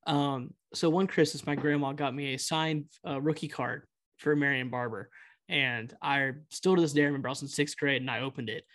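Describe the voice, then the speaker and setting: A young man co-hosting a casual podcast, speaking at a middle pitch. He tells stories earnestly, with plenty of fillers. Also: fairly even intonation, normal speed, a bit bright. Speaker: podcast co-host. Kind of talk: casual chat.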